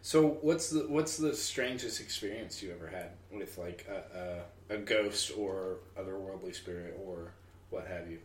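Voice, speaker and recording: A man interviewing a guest in a relaxed, curious way in a casual group chat. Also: low voice, a little slow. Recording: echoey room, faint background noise.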